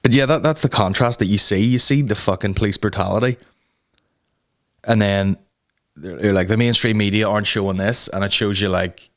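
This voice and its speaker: A man's voice: lowish voice, moderate pace, pauses often. Sweary man ranting. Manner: heated, sweary, rambling with restarts. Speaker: podcast host. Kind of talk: ranting comedy podcast talk.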